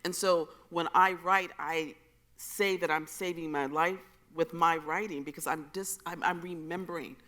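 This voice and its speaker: A woman poet speaking on a festival panel, earnest, emphatic and expressive. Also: lowish voice, normal speed. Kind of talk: panel conversation. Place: festival stage.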